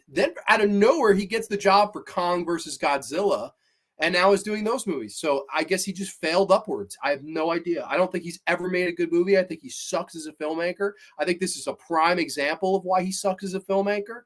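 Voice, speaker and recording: Brief: male stream host, blunt profane ranter, slightly raised pitch. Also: a little fast. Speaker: podcast host reading live chat. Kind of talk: casual live-stream chat.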